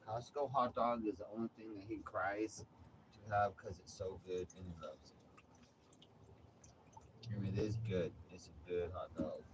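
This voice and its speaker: A man's voice: sits low, steady tone, normal speed, long pauses. A man chatting casually while cooking in an RV, rambling and joking in an offhand way. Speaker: vlogger. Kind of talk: casual cooking vlog chat. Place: RV kitchen. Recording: noisy background hum.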